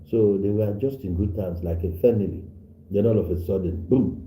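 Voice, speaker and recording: A man with a very low voice hosts a live stream in an English. His tone is dark and mellow. He speaks in a roomy, echoing space with a faint hiss behind him. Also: normal speed. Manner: mixes Igbo and English, scolds commenters. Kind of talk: live stream talk to viewers, retelling a story.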